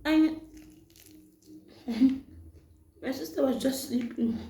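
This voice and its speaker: A young woman telling a personal story in a casual storytime vlog, chatty and animated, mixing in Setswana phrases. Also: high-pitched, extremely slow, a little hiss or hum. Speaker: vlogger. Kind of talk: storytime vlog while eating. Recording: echoey room.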